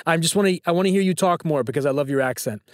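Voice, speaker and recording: A man's voice: fairly high pitch, rapid-fire, no room sound, studio quality. A man hosting a phone-in trivia quiz, teasing and joking with callers. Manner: playful, teasing. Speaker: trivia show host.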